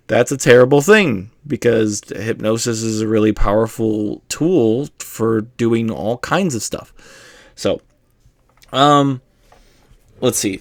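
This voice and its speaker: A man's voice: mid-range voice, no echo, clean studio sound. A man giving a casual, rambling explanatory monologue as host, full of fillers and the odd swear word.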